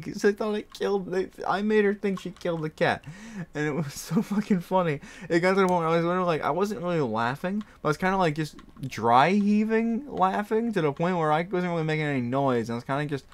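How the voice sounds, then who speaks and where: A young man hosting a gaming video, telling a rambling story with lots of fillers and frequent laughter. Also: fairly high pitch. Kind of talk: casual storytelling while playing a game.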